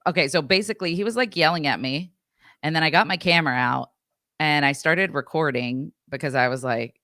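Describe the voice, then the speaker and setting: A woman's voice: deep voice, a little fast, no room sound, studio quality. A woman podcast co-host chatting casually, rambling and acting out what people said. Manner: rambling, animated, acts out quotes. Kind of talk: casual storytelling chat.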